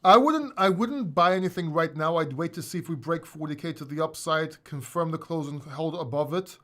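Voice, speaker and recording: A man hosting a casual livestream chat, animated and emphatic, talking bluntly and swearing now and then. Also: fairly high pitch, moderate pace. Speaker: host.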